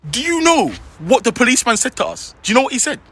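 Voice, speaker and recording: A man with an English accent telling a story in an animated, slangy way. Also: very high voice, quick pace, vocal fry. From England. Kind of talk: storytelling reaction.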